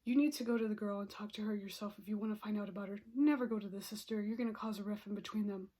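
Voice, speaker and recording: A woman's voice: medium pitch, fairly even intonation, mellow. A woman in her twenties telling a personal story to her viewers in a casual, emotional way, often dropping into whispered asides and sighs. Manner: frequent sighs and breathy pauses.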